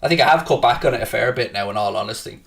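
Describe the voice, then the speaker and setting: A man hosting a football watchalong stream, reading viewer comments aloud and taunting rival fans with brash, profane banter that flares into shouting. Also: mid-range voice, racing, vocal fry, recorded from a distance. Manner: excitable, shouting at times. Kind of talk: casual live-stream chat, reading and answering viewer comments.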